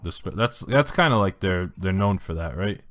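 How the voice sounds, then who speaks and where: A man's voice: sits low, moderate pace. A man co-hosting a podcast, chatting in an easygoing way about food and restaurants. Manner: relaxed, chatty, agreeable listener. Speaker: podcast co-host. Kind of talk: casual chat.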